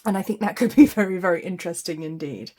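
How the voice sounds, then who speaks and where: A woman's voice: lowish voice, fast, a little mellow. A woman giving a weekly psychic tarot forecast in a chatty, spiritual way, laughing often.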